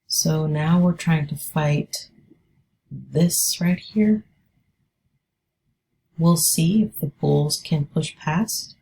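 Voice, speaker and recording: A woman's voice: sits low, drawn-out words, creaky, pauses often, mellow, slight background noise. A woman day trader giving live trading commentary, thinking aloud and hesitant as she talks.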